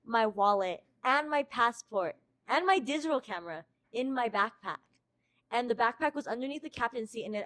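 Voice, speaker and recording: A young woman from the United States, hosting a podcast, has a mid-range, fairly bright voice. Her storytelling is casual, full of constant swearing, and she acts out her own quotes.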